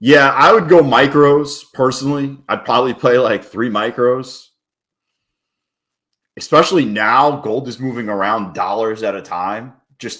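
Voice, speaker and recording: Guy on a trading livestream, swears a lot, jokey casual chat, mid pitch. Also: fairly bright tone. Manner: loose, profane, joking banter with chat. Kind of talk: casual live-stream chat.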